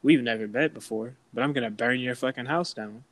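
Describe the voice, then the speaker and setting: A man's voice: medium pitch, a little fast, no room sound, low-quality recording. A young man, chatting casually and animatedly, acting out voices in his stories. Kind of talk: casual chat.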